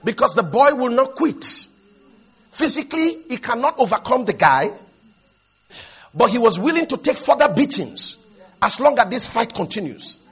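Guy preaching real high, husky and bright, gets the crowd to say stuff back, shouts the big points. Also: sing-song, moderate pace. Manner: exhorting, leads the congregation to repeat lines; storytelling, builds to shouted emphasis. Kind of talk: sermon with call-and-response.

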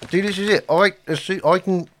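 A man co-hosting a podcast, chatting casually and bantering over crisps and beer. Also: high-pitched, brisk, slight background noise. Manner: chatty, lively, banter-filled. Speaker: podcast co-host.

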